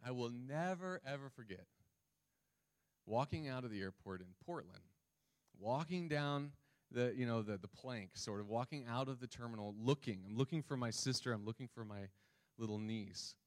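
A man's voice: medium pitch, normal speed. A man preaching a sermon, reading scripture and talking casually with the congregation, often asking them questions. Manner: conversational, asks the congregation questions. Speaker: pastor.

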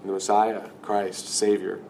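A man's voice: deep voice, monotone, a little slow, vocal fry, darkish tone, slight background noise. A male pastor preaching a sermon in a conversational, emphatic way.

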